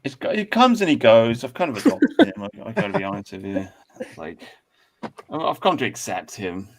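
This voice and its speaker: A man hosting a podcast in a casual, animated way, swearing freely and laughing easily. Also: medium pitch, brisk, a crowd in the background. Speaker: podcast host. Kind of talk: casual chat.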